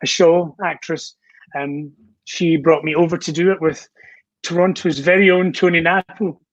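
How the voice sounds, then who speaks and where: A Scottish man, a guest on a video call, rambling warmly through anecdotes with plenty of ums and restarts. His voice sits a little high. The sound is dry and dull, lo-fi. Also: fairly even intonation, moderate pace, dry recording. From Scotland. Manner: chatty storyteller, many fillers and restarts. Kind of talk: casual chat.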